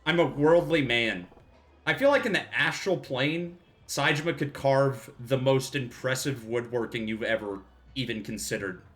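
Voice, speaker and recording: A man live streams a video game, commenting casually, joking, laughing often and swearing freely. His voice is medium-pitched and a bit bright, at a normal speed.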